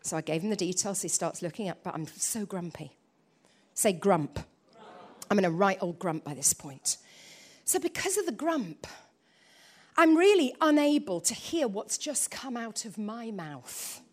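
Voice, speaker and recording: A woman preaching a sermon, telling a story with lively delivery and quiet low asides. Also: a little slow.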